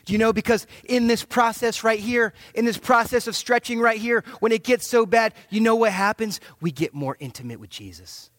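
Man, pastor, sermon, high voice, dry close sound. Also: normal speed, hardly any pauses, dry recording. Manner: animated, joking preacher who acts out quotes.

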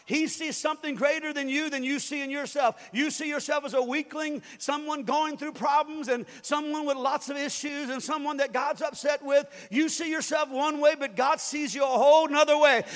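A man preaching a sermon in an animated way, swinging between loud bursts and quiet asides and acting out voices. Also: very high-pitched, moderate pace, few pauses. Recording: long reverb of a large hall.

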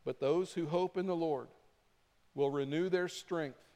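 A man preaching a sermon as pastor, animated and acting out his points with rising intensity. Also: on the high side, measured pace. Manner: animated, acts out flapping with rising volume. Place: church sanctuary. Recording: long reverb of a church hall.

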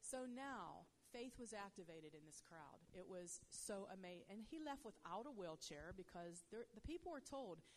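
Woman telling a lively faith testimony. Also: moderate pace, few pauses, slight background noise. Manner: conversational, peppered with "you know"; grows loud and high when excited. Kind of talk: animated faith testimony storytelling.

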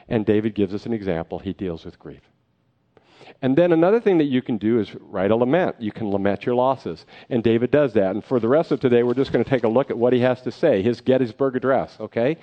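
A middle-aged man preaching a sermon as a pastor, retelling a story earnestly and with energy. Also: medium pitch. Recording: slightly dull lo-fi recording.

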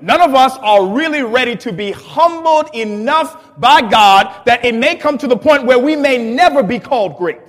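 A man's voice: very high voice, animated, normal speed, hardly any pauses, in a large hall. A man preaching as pastor, reading scripture aloud and retelling it in casual slang with chuckles. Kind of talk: dialogue sermon.

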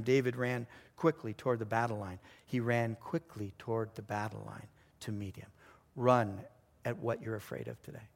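A man preaching a sermon, telling a story with lively delivery, sometimes dropping to a hushed voice for emphasis. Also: medium pitch. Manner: animated storytelling, acts out voices and sounds. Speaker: pastor.

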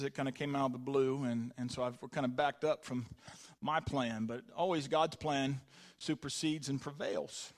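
A man preaching a sermon as pastor, rambling with many restarts and building to fervent emphasis. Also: fairly high pitch.

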